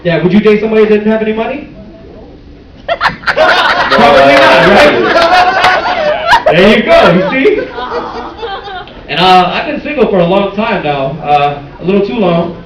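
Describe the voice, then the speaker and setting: A man's voice: high-pitched, moderate pace, long pauses, far from the mic, background noise. A man doing a bold, crude stand-up set on a small club stage, with the audience laughing behind him. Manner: bold, crude, lively delivery with sung parody bits. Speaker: stand-up comedian. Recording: echoey club recorded from afar, loud crowd. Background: audience laughter and cheers.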